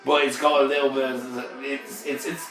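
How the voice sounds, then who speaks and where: A man's voice: medium pitch, level tone, normal speed, a bit bright. A young man co-hosting a casual podcast, rambling and joking with friends, swearing freely. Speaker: podcast co-host. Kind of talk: casual chat among friends. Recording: echoey room with music behind.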